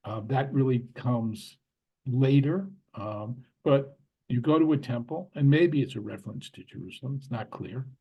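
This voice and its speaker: A man's voice: mid-range voice, normal speed, gravelly, breathy edge, narrow, tinny audio. A man lecturing on a Bible passage, explaining it step by step and often checking in with his listeners by asking "right?". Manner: explanatory, frequent "right?" check-ins, restarts. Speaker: Bible teacher. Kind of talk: lecture on scripture.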